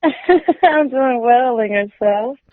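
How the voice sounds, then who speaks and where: A woman's voice: fairly high pitch, lively intonation, slow pace. Upbeat Texan woman on a phone line. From Texas. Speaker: guest, Reiki practitioner. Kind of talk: casual interview chat. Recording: dry tinny phone line.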